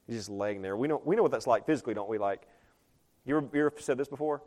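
A man's voice: medium pitch, racing, darkish tone. A man preaching a sermon, talking conversationally, asking the congregation questions and reading scripture aloud. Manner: reads scripture aloud in older English. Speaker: pastor.

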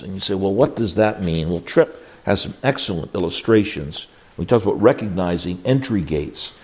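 An older man teaching a class on biblical counseling, folksy and emphatic, with frequent restarts. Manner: folksy, emphatic, with animated swoops in pitch and many restarts. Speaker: Bible teacher.

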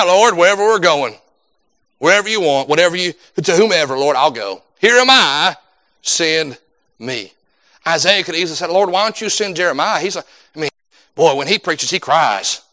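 A man preaching a sermon in a fervent, repetitive cadence that climbs loud and drops quiet. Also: fairly high pitch, animated, normal speed.

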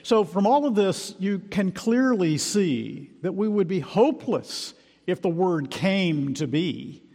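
A man preaching an expository sermon, emphatic and measured, slowing down to stress key words. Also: high-pitched, lively intonation, a little mellow. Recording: long hall reverb.

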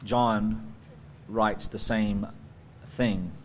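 A man preaching a sermon as pastor, swinging from loud emphatic bursts to quiet conversational asides. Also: lowish voice, fairly even intonation, extremely slow, slight background noise.

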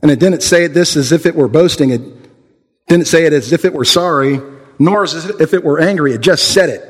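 A man's voice: a little high, a little fast. A man preaching a sermon and leading prayer in an earnest way, often restarting his words and using fillers. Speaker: pastor. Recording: long hall reverb.

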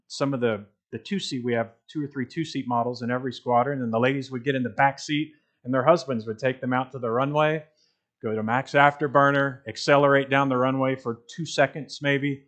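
A man's voice: medium pitch, a bit bright. A man preaching a sermon as pastor, telling a story and then building emphatic, repeated points. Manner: emphatic preaching with rising intensity and measured repetition.

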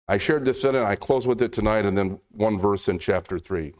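A man preaching a sermon, reading scripture slowly and acting out biblical dialogue in a conversational way. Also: on the low side, a little mellow. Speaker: pastor.

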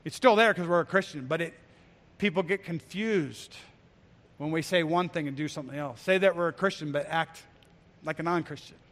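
High-voiced preaching man in a reverberant hall. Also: moderate pace, fairly bright tone. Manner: earnest preaching, rising to emphatic exhortation. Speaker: pastor. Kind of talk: sermon.

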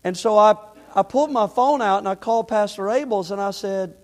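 A middle-aged male pastor in a church sanctuary starts with a conversational personal story, then builds into emphatic preaching full of repeated phrases. His voice is high and a little fast, with long hall reverb on the recording.

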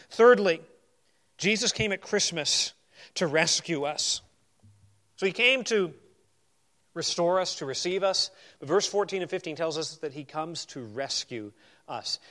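A man preaching from the pulpit, his voice pitched a little higher than most men's. He builds verse by verse from softer asides up to emphatic declarations. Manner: expository, swings between emphatic and quiet asides. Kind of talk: sermon.

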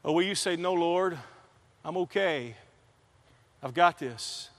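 High, bright-voiced preacher in a reverberant hall. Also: male voice, slow pace. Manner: animated storytelling, rising to fervent emphasis. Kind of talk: sermon. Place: college chapel. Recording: long reverb of a large hall.

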